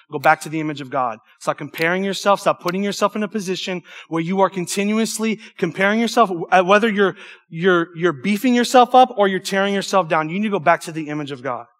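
High-voiced young man preaching. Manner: animated, emphatic preaching with stumbles and asides. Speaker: youth pastor. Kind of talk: sermon.

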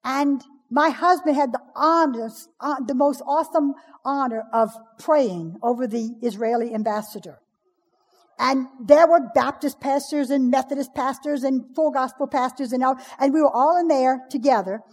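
A high-pitched woman delivers a sermon to a room of women, mixing jokes into her storytelling. Her voice is a little husky, and it rings out with a long reverb from the hall around her. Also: normal speed. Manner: humorous, storytelling, lively preaching. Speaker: pastor's wife speaking at a ladies' event.

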